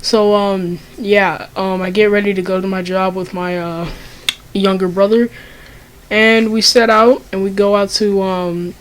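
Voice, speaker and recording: A woman's voice: mid-range voice, poor audio. A young woman telling a story in a casual, profane way, with lots of ums and likes. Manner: casual, profane, many fillers. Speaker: vlogger.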